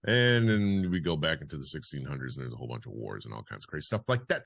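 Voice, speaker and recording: A man's voice: rumbling low, very animated, fairly quick, creaky, hardly any pauses, fairly bright tone, husky, no echo. A man hosting a casual news podcast, reading headlines and adding wry, chatty asides. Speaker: podcast host.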